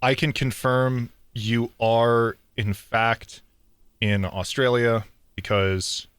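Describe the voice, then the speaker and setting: A man's voice: medium pitch, flat delivery, slow pace, fairly bright tone, clear, resonant tone, no room sound. A man hosting a casual podcast, joking, teasing his guest and laughing often. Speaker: podcast host.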